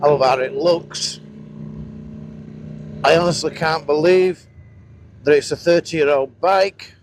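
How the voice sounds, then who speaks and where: On a moving motorcycle outdoors, a man in his thirties with a Northern English accent speaks slowly in a voice on the high side, casually chatting, swearing and telling rambling stories. He's a motovlogger, and his helmet-mounted action camera mic records wind and engine noise.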